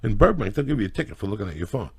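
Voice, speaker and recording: A middle-aged man hosting a casual podcast chat, ranting loudly and profanely in a preachy way. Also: lowish voice, sing-song, racing. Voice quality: gravelly and husky. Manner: loud, profane, preachy rants. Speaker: podcast host.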